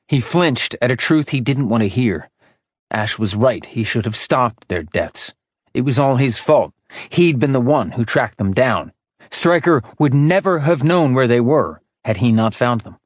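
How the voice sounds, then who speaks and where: A man narrating an audiobook in measured, even storytelling. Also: medium pitch, dry recording, clean studio sound. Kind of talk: scripted narration.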